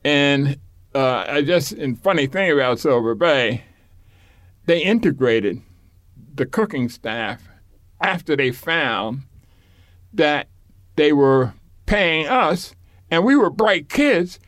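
A man's voice: a little high, animated, slow, long pauses, fairly bright tone, no echo, clean studio sound. Older man reminiscing, rambling. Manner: rambling, repeats words, chuckles. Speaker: interviewee. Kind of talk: oral history interview, reminiscing.

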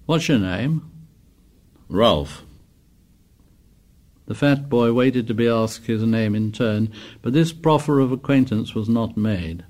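A man narrating an audiobook in a measured, descriptive way. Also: medium pitch, mellow.

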